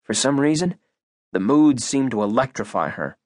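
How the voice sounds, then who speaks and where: Guy narrating an audiobook, mid-pitched voice, dry booth sound, steady and expressive. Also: normal speed, no echo. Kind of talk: first-person audiobook narration.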